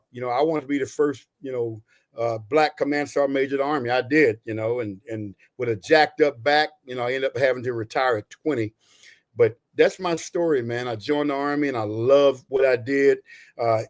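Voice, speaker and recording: A man in his sixties from Texas, a retired Army veteran, telling his story in a podcast interview in an animated, folksy way. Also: medium pitch. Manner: animated, folksy, says "you know" and "right?" often.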